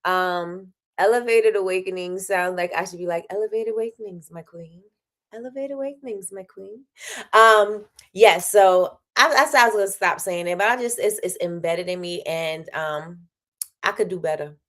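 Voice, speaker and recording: A tired woman hosting a daily live show, chatting casually and animatedly, with sudden high exclamations. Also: normal speed, a bit bright. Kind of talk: casual livestream chat.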